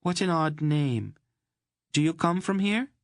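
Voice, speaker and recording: Storybook casting: a bold, teasing young girl, lifted high, voiced by a male narrator, close and dry. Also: lively intonation, unhurried, dry recording. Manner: playful, coy.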